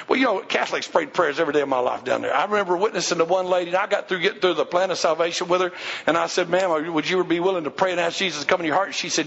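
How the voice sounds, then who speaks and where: A man's voice: high voice, fast, a bit bright, husky. A male pastor preaching a sermon in a church, emphatic and repetitive, calling on the congregation to respond. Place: church sanctuary. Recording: dull sound with long hall reverb.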